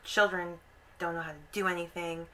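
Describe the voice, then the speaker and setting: A woman's voice: fairly low pitch, flat delivery, normal speed, a bit bright, recorded from a distance, a little hiss or hum, close to an everyday voice, poor audio. A woman voicing an annoyed, bossy female witch in a casual retelling of a story. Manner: impatient, scolding.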